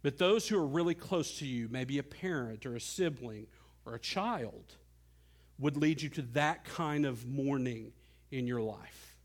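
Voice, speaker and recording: A middle-aged male pastor preaching a sermon earnestly, swinging between soft low passages and loud climbing ones. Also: unhurried.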